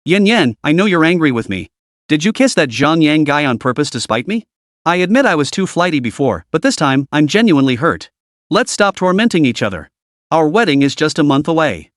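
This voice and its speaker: A man's voice: on the high side, very animated, brisk, dry recording, studio quality. A man voicing a boastful young rich man who eagerly pleads with his fiancée.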